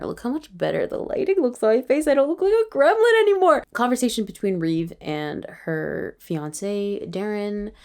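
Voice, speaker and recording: A woman's voice: mid-range voice, a little mellow. A young Canadian woman in her twenties talks late at night for a writing vlog. She sounds tired and chats casually in a self-mocking way, often sinking into a near-whisper. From Toronto, Canada. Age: 20s. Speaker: writer and vlogger.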